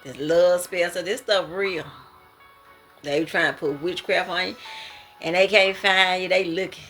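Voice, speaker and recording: A woman's voice: lowish voice, fairly even intonation, measured pace, fairly bright tone, faint music behind. A woman sharing her prophetic dreams in a casual spoken monologue, emphatic and slangy, often laughing and exclaiming.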